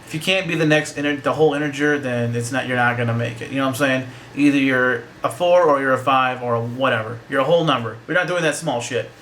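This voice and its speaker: A man's voice: mid-range voice, fast, hardly any pauses, a bit bright, slight background noise. A young man giving a casual, joking, profane movie review that rambles along.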